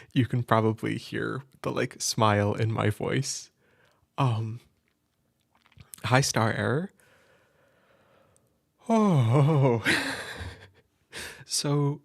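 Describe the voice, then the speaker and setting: A man hosting a live stream, nervous and excited, chatting loosely with lots of fillers and restarts. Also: medium pitch, gravelly, dry recording, studio quality. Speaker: audio role-play creator hosting a live stream. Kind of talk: casual live-stream chat.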